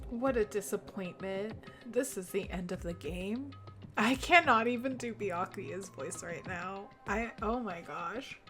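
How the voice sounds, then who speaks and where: A woman's voice: mid-range voice, slow pace, over music. A young woman streaming a game who is tearing up while she chats and apologises for her emotions. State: teary, fighting back tears. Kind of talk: casual live-stream chat.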